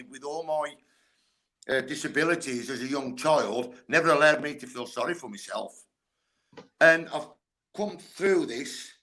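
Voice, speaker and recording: A man's voice: a little high, bright, forceful tone. An older man, a guest sports coach telling blunt, candid stories and swearing freely. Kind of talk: candid storytelling chat.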